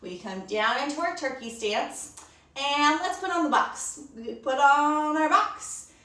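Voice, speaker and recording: A woman's voice: sits high, lively intonation, a little slow, sharp tone, roomy sound, distant mic. A woman teaching a storytime yoga lesson to children, encouraging them, asking them questions and praising them.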